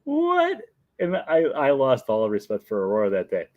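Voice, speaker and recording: A man's voice: lowish voice, animated, fairly quick, no echo, highs cut off. A young man hosting a casual show where he answers viewer questions. He talks in a chatty, rambling way and laughs often. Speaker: host.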